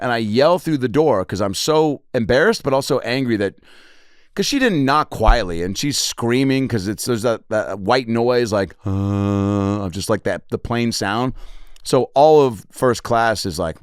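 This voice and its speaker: A man around forty, a comedian hosting his podcast alone, rambling through profane stories and jumping into quick character voices. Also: fairly low pitch, clean tone, no room sound, studio quality. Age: 40s. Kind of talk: solo comedic storytelling.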